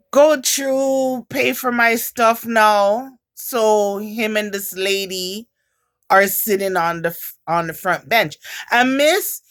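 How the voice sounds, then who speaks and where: A woman's voice: lowish voice, a bit bright. A woman with a Jamaican accent chatting casually to her camera, a rambling storyteller who swears often. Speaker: vlogger.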